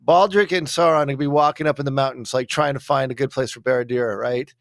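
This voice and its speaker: A man's voice: medium pitch, fairly even intonation, quick pace, creaky, no echo, clean studio sound. A man co-hosting a podcast, joking and bantering in casual chat. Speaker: podcast co-host.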